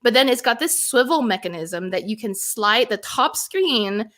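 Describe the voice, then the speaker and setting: A woman co-hosting a tech podcast in casual chat, talking with quick asides and plenty of fillers. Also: a little high, lively intonation, fairly bright tone.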